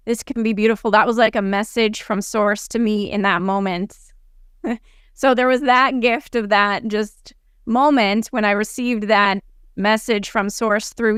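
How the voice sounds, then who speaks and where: A woman's voice: fairly high pitch, a bit bright, clear, resonant tone, no echo, studio quality. A woman hosting a podcast interview, effusive and grateful, on the edge of tears as she thanks her guest. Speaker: podcast host.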